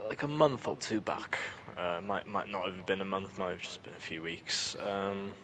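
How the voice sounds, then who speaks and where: A man's voice: low-pitched, lively intonation, takes it slowly, bright, forceful tone. A young man co-hosting a podcast, telling a work story with hesitations and ums. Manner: rambling storyteller, hedging with ums. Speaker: podcast co-host. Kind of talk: casual chat.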